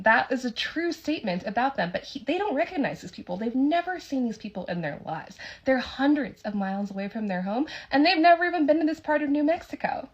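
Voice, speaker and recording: Gravelly-voiced young woman telling a spooky story. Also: fairly high pitch, lo-fi sound. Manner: animated, dramatic retelling. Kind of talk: casual spooky storytime narration.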